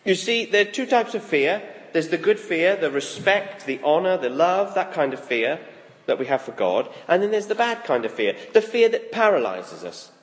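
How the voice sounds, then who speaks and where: A man preaching a sermon in a lively, conversational way, acting out quoted thoughts as he goes. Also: fairly high pitch, moderate pace. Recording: long reverb of a large hall.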